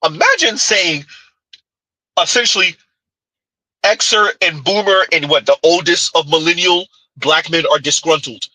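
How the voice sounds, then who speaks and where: A man's voice: a little high, lively intonation, unhurried, pushed and bright, no echo, poor audio. A man giving heated, mocking reaction commentary on a clip, firing off rhetorical questions.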